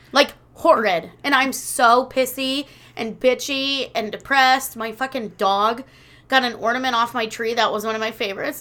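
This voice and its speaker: A woman's voice: on the high side, fairly even intonation, moderate pace, pushed and bright. A woman in her thirties chatting casually as a podcast co-host, a rambling storyteller who swears a lot. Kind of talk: casual chat.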